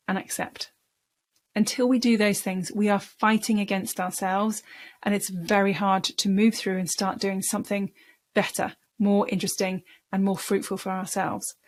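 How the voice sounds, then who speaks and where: A woman speaking coach giving a lesson, explaining in a conversational way and repeating words for emphasis. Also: mid-range voice. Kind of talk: talking-head coaching lesson.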